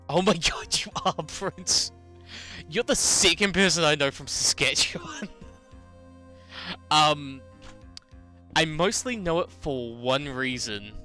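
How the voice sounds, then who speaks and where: A man in his twenties with a New Zealand accent, chatting casually to his stream viewers, animated storytelling and laughing often. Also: a little high. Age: 20s. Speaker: game streamer. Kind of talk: casual chat with live chat.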